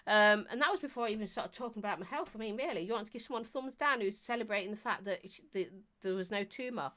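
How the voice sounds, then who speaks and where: A woman's voice: medium pitch, fast, a bit bright. A middle-aged woman, chatting on a live stream as she reads out viewer comments, teasing and talking non-stop with bursts of laughter. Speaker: vape reviewer and live streamer.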